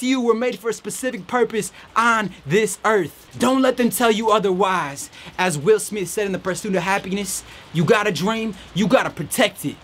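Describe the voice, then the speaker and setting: High-voiced man giving an earnest pep talk. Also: a little hiss or hum. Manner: earnest, encouraging, preachy. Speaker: podcast host. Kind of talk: motivational faith talk. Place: outdoors in a rainstorm.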